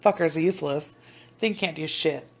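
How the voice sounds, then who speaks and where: A young woman co-hosting a podcast in casual chat, blunt and animated, swearing freely as she tells stories. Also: deep voice, normal speed, gravelly. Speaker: podcast co-host.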